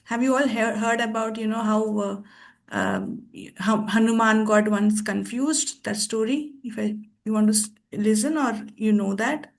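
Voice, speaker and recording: A woman teaching a scripture class, telling a story in a thoughtful, pausing way with restarts. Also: a little high, animated. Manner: thoughtful, with frequent pauses and restarts.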